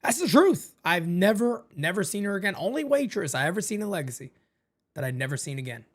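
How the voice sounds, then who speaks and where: A man hosting a live-stream watch party, calling the baseball game and chatting with viewers in a casual, excitable way. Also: fairly quick. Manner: animated, jumps into high excited calls then drops low and quiet.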